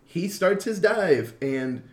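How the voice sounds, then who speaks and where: A man chatting casually, recapping a film with a lively, swinging voice and crude slang. His voice carries a noticeable room echo, and his pitch sits a touch above average for a man. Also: takes it slowly. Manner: animated storytelling with crude slang. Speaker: podcast co-host retelling a film. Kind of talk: casual chat. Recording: roomy echo.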